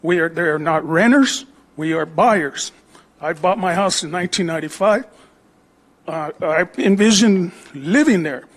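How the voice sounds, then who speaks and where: A middle-aged man with a high-pitched voice complains to a city council. He speaks plainly and with rising grievance, asking pointed questions. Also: measured pace. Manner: aggrieved, plain-spoken. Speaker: homeowner at public comment. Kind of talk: city council public comment.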